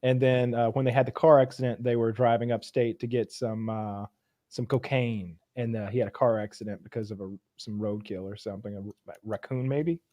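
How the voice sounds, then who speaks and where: A man on a casual podcast who calmly fills in and corrects plot details. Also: mid-range voice, a little fast. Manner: matter-of-fact, correcting details. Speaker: podcast co-host.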